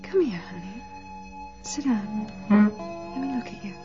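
A woman's voice: medium pitch, expressive, takes it slowly, over music. An actress playing a worried mother, anxious and urgent as she tends to her hurt son. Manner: anxious, urgent, soft-spoken. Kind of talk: film drama acting. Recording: dull muffled film audio.

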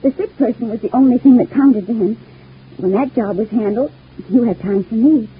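An actress playing a clingy, lovesick young widow in a 1940s radio soap, talking in a gushing, wistful and intense way. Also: female voice, a little high, moderate pace, slightly rough. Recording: tinny old radio broadcast.

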